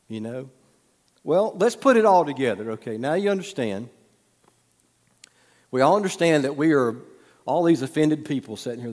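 A man preaching a sermon, telling folksy stories with humorous asides and dropping to a soft hush at times. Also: mid-range voice. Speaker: pastor. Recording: long hall reverb.

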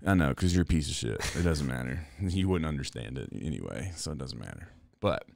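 A man's voice: rumbling low, animated, brisk, creaky, darkish tone, no room sound, clean studio sound. A man co-hosting a podcast, telling stories in a profane, casual way and laughing often. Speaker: podcast co-host. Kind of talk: casual chat.

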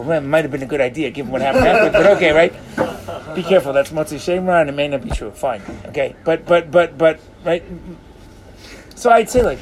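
Man, Torah teacher, high voice, very expressive swings, acts out characters, lively class. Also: brisk, slight background noise. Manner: animated, acts out characters, mixes Hebrew phrases.

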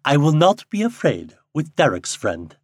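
A man reading an audiobook and voicing a gentle, frightened young woman from a primitive realm, speaking softly and pleadingly. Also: fairly high pitch, huge pitch swings, measured pace, dry recording, pitched above the performer's own voice, full character voice.

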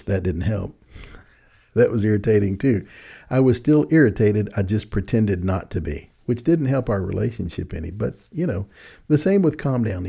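A man's voice: lowish voice, vocal fry, mellow, slightly rough. A man hosting a podcast, talking in a folksy, casual way at a desk microphone and chuckling at his own points. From Texas. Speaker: podcast host. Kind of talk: casual spoken reflection. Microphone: studio mic with headphones at a desk.

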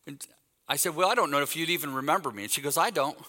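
A bright, fairly high-voiced man in his fifties preaches in a church hall, and his words ring out with a long reverb. He tells his stories in a lively way and acts out the back-and-forth of each conversation. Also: rapid-fire. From Texas. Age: 50s. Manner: animated anecdotal storytelling, acts out quoted dialogue. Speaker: guest speaker. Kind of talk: sermon with storytelling.

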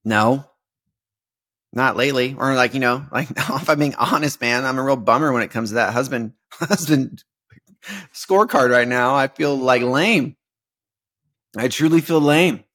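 A man's voice: mid-range voice, a little slow, long pauses, a bit bright. A young adult man hosting a podcast, talking about faith in a casual, conversational way with many fillers and restarts. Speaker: podcast host.

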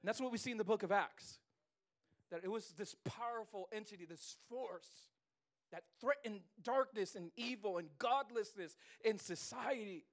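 A pastor in his thirties delivers a lively sermon, full of jokes and his own laughter. His voice sits high for a man, and he swings from quiet asides to loud punchlines. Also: normal speed. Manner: playful, animated preaching with laughter.

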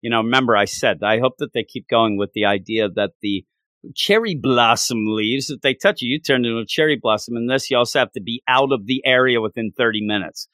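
A man co-hosting a casual manga chat, talking in animated, rambling runs full of restarts and fillers. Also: mid-range voice, fairly quick, no echo, studio quality. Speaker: podcast co-host.

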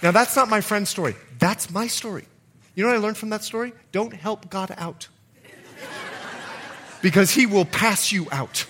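A male pastor giving an evening church sermon, telling a personal story with animated delivery and bursts of loud exclamations. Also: high-pitched, moderate pace, long pauses, crowd noise, background noise.

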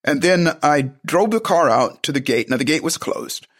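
A man with a fairly high speaking voice tells a long personal story in a relaxed, conversational way. He rambles, restarts his sentences and keeps breaking off for side remarks. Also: moderate pace. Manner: rambling, with frequent restarts and asides. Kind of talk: casual spoken storytelling.

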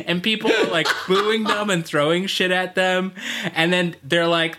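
A man chatting casually, spinning a meandering anecdote with acted-out bits of dialogue. His voice is bright and sits a little high. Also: normal speed. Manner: rambling, animated storytelling with acted-out quotes. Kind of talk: casual chat.

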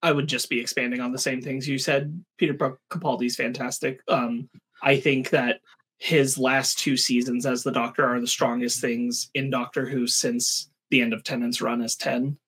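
A man co-hosting a podcast, speaking in a measured way with hesitant ums. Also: mid-range voice, level tone, fairly bright tone, breathy edge. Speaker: podcast co-host. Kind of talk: casual chat.

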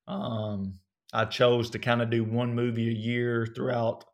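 A man in his thirties from North Alabama with a strong Southern accent, a guest telling relaxed, folksy stories in an interview. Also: mid-range voice, unhurried. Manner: relaxed, folksy storytelling with many fillers. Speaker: actor guest. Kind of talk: casual interview.

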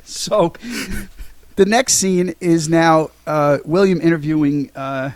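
A man's voice: fairly high pitch, slow pace, dry recording. A man co-hosting a podcast, casually recapping a film scene by scene, with lots of ums and restarts. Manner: rambling, many ums and restarts. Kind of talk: casual chat.

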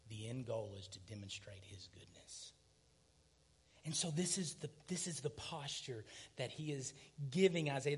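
A man, preaching a sermon, swinging from loud emphatic passages to hushed near-whispers. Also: mid-range voice, slightly rough. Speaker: pastor.

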